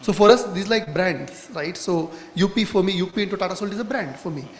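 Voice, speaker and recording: High-voiced man in an echoey hall. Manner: quick explanatory talk, mixing in Hindi phrases. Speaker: brand marketer on a panel. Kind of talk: conference panel discussion. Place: conference hall. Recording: echoey hall with faint noise.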